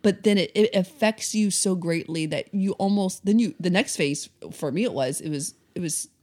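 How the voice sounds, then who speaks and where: A woman's voice: lowish voice, normal speed, darkish tone. A woman co-hosting a podcast in casual chat, speaking reflectively and playfully. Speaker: podcast co-host.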